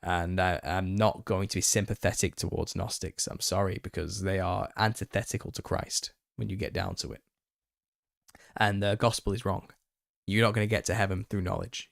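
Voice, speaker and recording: A man hosting a live Q&A stream, opinionated and quick to get worked up, laughing as he rants. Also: low voice, little pitch movement, gravelly, dry recording, studio quality. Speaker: channel host. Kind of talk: live Q&A monologue.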